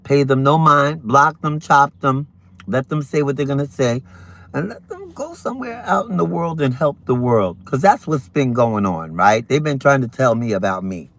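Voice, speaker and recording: A man casually chatting on his morning livestream, animated and talking while he eats breakfast. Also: mid-range voice, normal speed, slight background noise. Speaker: livestream host.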